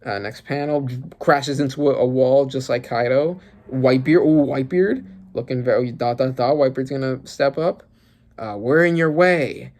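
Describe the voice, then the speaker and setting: Excitable man reacting with loud exclamations. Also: medium pitch, moderate pace. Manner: excitable, exclaiming, swears freely; rambling with many fillers. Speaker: manga reaction channel host. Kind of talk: casual reaction commentary.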